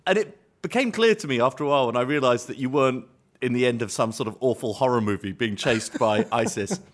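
A man co-hosting a casual football podcast, telling animated, teasing stories. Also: mid-range voice, fast. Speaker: podcast co-host.

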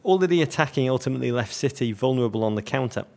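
A man from North West England hosts a football chat with a gravelly edge to his voice. He talks in a florid, joking way, stacking up vivid comparisons as he breaks down the match. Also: medium pitch, expressive, rapid-fire, a little mellow. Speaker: podcast co-host.

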